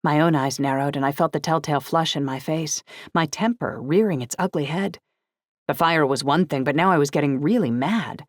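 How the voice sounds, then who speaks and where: A woman reading a first-person audiobook in a steady, expressive way, close to the mic. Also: low-pitched, moderate pace, no room sound. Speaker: audiobook narrator.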